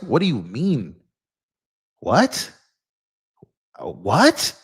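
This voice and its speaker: A young man with a fairly high voice hosts a political live stream. He rants with heat and passion and talks straight to his viewers as bro and y'all. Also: big pitch swings, takes it slowly, long pauses, a bit bright, slightly rough. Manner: impassioned, ranting, addresses viewers as bro and y'all. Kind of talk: heated live-stream commentary.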